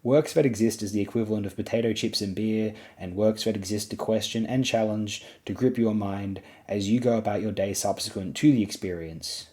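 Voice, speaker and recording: A man's voice: lowish voice, a little fast, hardly any pauses, dark tone. A young man narrating a spoken film essay, emphatic and repeating words for stress.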